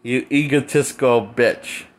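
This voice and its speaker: A man's voice: medium pitch, measured pace. A man in a crude, mocking, casual ranting review of a film, laughing at his own jokes. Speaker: movie reviewer.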